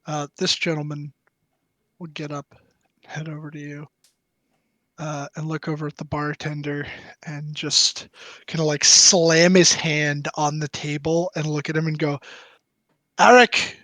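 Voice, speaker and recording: A man's voice: on the high side, monotone, measured pace, bright, forceful tone, no echo, rough recording. A young man narrating as game master, rambling with many fillers.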